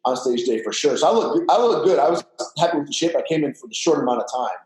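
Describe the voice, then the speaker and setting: A man's voice: a little high, lively intonation, quick pace, a little mellow. A man talking as a podcast guest in casual chat, telling his story candidly with plenty of fillers and swearing. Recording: roomy echo.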